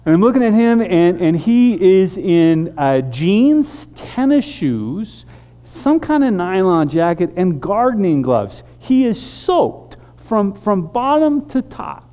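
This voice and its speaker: A man preaching a storytelling sermon as a pastor, animated and halting with frequent restarts. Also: high voice.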